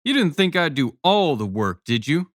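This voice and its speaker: A man's voice: on the high side, sing-song, moderate pace, dry recording, clean studio sound, voice pushed up. A man reading an audiobook, voicing a brash, teasing father with boisterous, sarcastic ribbing.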